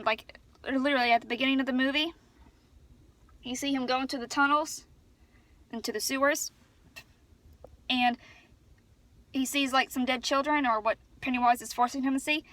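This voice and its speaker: Chatty woman vlogger, bright and sharp-toned, rambling excitedly into a phone. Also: high-pitched, no room sound. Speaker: vlogger reviewing a film. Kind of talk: casual chat. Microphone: phone camera.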